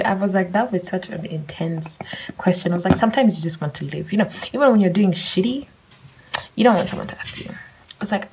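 A woman's voice: on the low side, brisk, a little mellow, a little hiss or hum, low-quality recording. A young woman hosting a solo podcast, talking candidly and rambling, swearing casually as she shares her thoughts. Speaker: podcast host.

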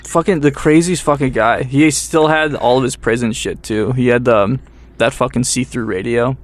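A man's voice: mid-range voice, normal speed. A young man telling a story in casual podcast chat, acting out what people said, laughing often and swearing freely. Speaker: podcast co-host.

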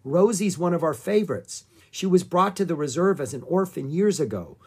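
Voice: medium pitch, animated, normal speed, darkish tone, husky, pitched above the performer's own voice. A storybook reader voicing a caring adult woman ranger who speaks earnestly. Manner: earnest, urgent.

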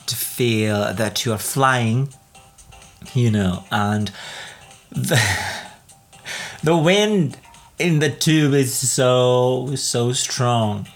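Chatty laughing woman, slow rambling delivery. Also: a bass voice. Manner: chatty, rambling, laughs often, many fillers and restarts. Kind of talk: casual travel vlog chat.

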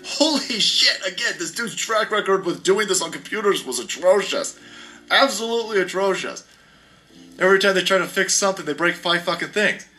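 A man rants as a podcast host, heated and sarcastic, with frequent swearing. His voice sits fairly high for a man and comes out bright and forceful. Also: animated, brisk, faint music behind. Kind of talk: ranting podcast commentary.

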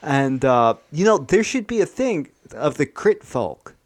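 A man co-hosting a comedy podcast, improvising a horror plot in a rambling, profane, deadpan way. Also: on the high side, a little slow, no room sound. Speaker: podcast co-host.

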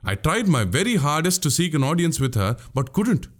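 A man's voice: on the high side, very animated, normal speed. A man voicing a witty, boastful young male warrior in an audiobook, speaking grandly. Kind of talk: audiobook character voice.

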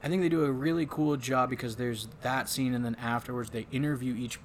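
A man's voice: mid-range voice, fairly even intonation, a little fast, slight background noise. A man hosting a casual podcast, rambling and swearing as he recaps a film and mimics its lines. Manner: rambling, swearing, quotes lines in put-on voices. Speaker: podcast host. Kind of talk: casual chat.

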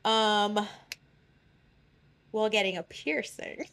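A woman's voice: mid-range voice, takes it slowly, fairly bright tone. A young woman telling a story in casual chat with a friend, playful and giggly, teasing as she goes. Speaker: co-host.

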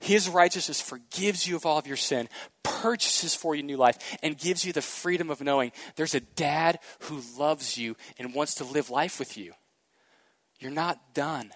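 A male pastor delivering a sermon with animated storytelling, swinging from hushed asides to loud emphatic peaks. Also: mid-range voice, dry recording. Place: church sanctuary.

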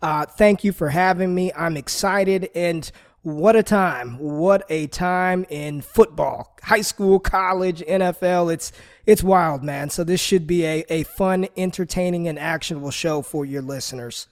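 A man's voice: a little high, a little slow. A man appearing as a guest analyst on a sports podcast, enthusiastic but often restarting his sentences. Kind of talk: casual chat.

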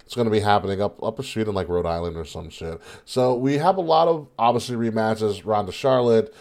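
A man with a fairly low voice, chatting casually as co-host of a wrestling podcast. He laughs often, curses without a second thought and trips over his own restarts as he goes. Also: brisk, a little mellow.

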